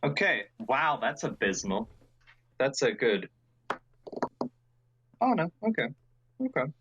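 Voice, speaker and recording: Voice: mid-range voice, big pitch swings, slow, dull audio, noisy background. A player in a tabletop game on a live stream, teasing and sarcastic.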